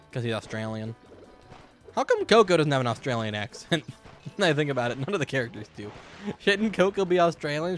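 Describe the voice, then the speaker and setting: A man's voice: a little high, expressive, fast talker, soft background music. A man giving casual, rambling commentary while streaming a game, joking and swearing freely, in a hot room at home.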